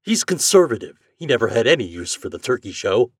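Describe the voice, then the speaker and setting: A man voicing an enraged middle-aged market man who shouts and blusters. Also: medium pitch, big pitch swings, brisk, husky, no echo, studio quality, pitched above the performer's own voice. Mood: exasperated. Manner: loud and blustering.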